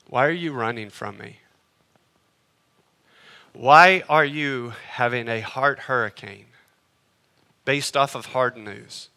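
A man voicing God as a hushed, gently questioning presence in a sermon. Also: takes it slowly, long pauses. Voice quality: soft, hushed, low. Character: quiet, searching voice of God.

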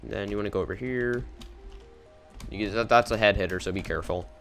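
A man's voice: fairly low pitch, a little fast, fairly bright tone, faint music behind. A young man casually talking through a game walkthrough in a rambling, offhand way. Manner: rambling, casual, easily confused. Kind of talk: casual gameplay commentary.

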